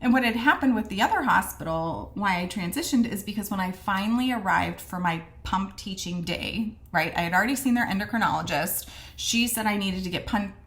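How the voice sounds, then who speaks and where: A woman's voice: medium pitch, brisk, hardly any pauses, a bit bright. A woman casually telling a personal story to camera, chatty and earnest, acting out the conversations she quotes. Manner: frequent fillers and restarts, earnest. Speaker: vlogger sharing a personal health story.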